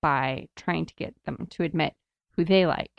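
Woman, casual chat, gravelly fry, wry jokes, dry close sound. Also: sits low, dry recording, dull audio. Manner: wry, swears freely, jokes in quick asides.

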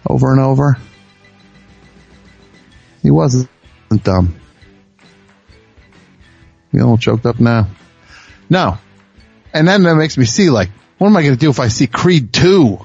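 A man's voice: mid-range voice, sing-song, measured pace, long pauses, darkish tone, husky, dry recording, highs cut off, faint music behind. Rambling man in a comic monologue. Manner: rambling, self-mocking, many restarts. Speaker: radio show host.

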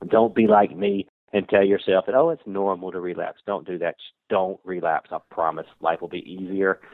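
Low-voiced earnest man over a tinny phone line. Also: moderate pace, gravelly, no room sound. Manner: earnest, repeats his points. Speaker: podcast guest. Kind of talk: casual interview chat.

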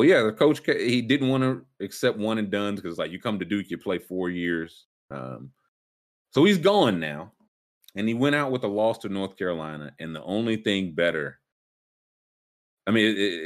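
A man hosting a casual sports podcast, rambling with fillers and restarts and a sarcastic streak. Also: low-pitched. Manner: sarcastic, wry.

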